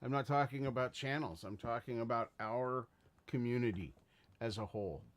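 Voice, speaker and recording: A man's voice: mid-range voice, normal speed. Earnest rambling man on a livestream. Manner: earnest, rambling, greets chat viewers. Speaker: livestream host. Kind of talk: casual livestream talk.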